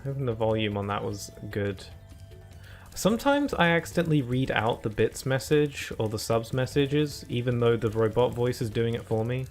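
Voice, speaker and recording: A man's voice: mid-range voice, animated, moderate pace, faint music behind. A man streaming a video game live, chatting casually and rambling to his viewers as he plays. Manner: chatty and rambling, talks to chat between laughs.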